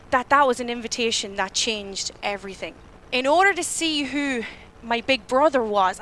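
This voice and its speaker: Young irish woman, church talk, high voice, bright tone, chatty storytelling. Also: slight background noise. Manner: chatty, acts out her own panicked thoughts. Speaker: church speaker. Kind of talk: storytelling sermon.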